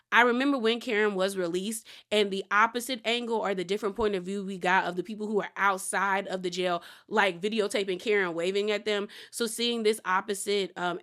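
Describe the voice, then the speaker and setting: Bright, chatty woman recapping reality TV. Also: medium pitch. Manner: chatty, animated, laughs often. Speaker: TV recap host.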